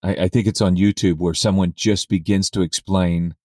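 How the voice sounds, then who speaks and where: A man's voice: sits low, steady tone, normal speed, darkish tone, no room sound, studio quality. A man hosting an interview podcast, introducing his guest and asking questions with open enthusiasm. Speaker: podcast host.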